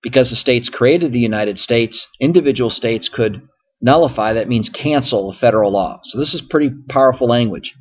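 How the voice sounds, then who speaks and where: A man's voice: medium pitch, brisk, breathy edge, lo-fi sound. A male history teacher lecturing through slides, explaining patiently and often circling back with "so again" and "okay?". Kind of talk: recorded classroom lecture over slides.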